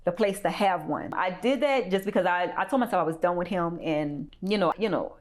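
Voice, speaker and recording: A woman with a low-set voice talks as an interview guest, telling a hard personal story. She rambles and leans on "you know" constantly. Her delivery is blunt and casual, and she swears freely. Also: fairly quick.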